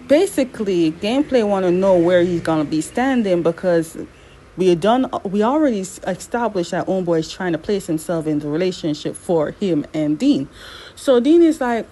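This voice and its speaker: A woman recapping a TV drama episode in casual commentary, animated and exasperated, her voice jumping up high when worked up. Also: measured pace, rough recording. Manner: animated, exasperated, swings up in pitch.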